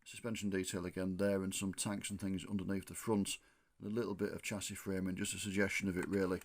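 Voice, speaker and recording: A man reviewing a model coach, thinking aloud with frequent ums and restarts, slightly hoarse from losing his voice. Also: low-pitched, level tone, fast, slight background noise. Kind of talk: casual hands-on product review.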